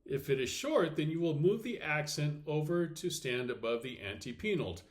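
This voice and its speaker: A man teaching a recorded slide lesson, explaining step by step, checking in with "okay" and saying example words slowly and deliberately. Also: a little high, lively intonation. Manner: clear step-by-step explaining with frequent okays. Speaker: Latin teacher.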